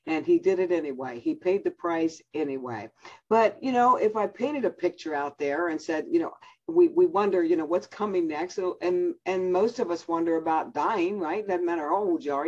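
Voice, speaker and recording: Woman preacher, husky, chatty, dull call audio. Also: lowish voice, a little mellow. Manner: chatty, teasing, laughs often. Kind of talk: sermon on a conference call. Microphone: video call.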